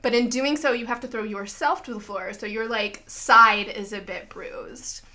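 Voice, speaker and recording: Bright-voiced woman game master. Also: on the high side, moderate pace. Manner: lively, frequent filler "like". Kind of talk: narrating a tabletop game.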